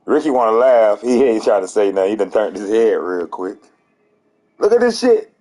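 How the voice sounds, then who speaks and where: A man doing loud, joking commentary over a video game, trash-talking with whoops and laughs. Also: on the low side, fairly even intonation, brisk. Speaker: gaming streamer. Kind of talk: casual gaming commentary.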